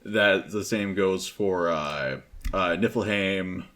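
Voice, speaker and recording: A man's voice: deep voice, takes it slowly, a bit bright. A young man in casual chat about a video game, hesitant, with many fillers, explaining at length. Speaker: game discussion panelist.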